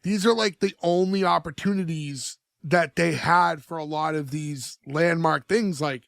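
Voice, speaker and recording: A man's voice: fairly high pitch, unhurried, creaky, fairly bright tone, dry recording, studio quality. A young man co-hosting a podcast, chatting casually and recapping scenes, acting out quotes with many "like" fillers. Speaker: podcast co-host. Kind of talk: casual chat.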